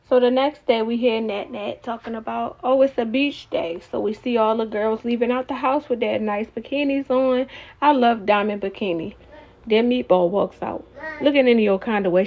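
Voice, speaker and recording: A woman casually recapping a reality show, animated and opinionated, talking straight to her viewers. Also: fairly high pitch, dull audio.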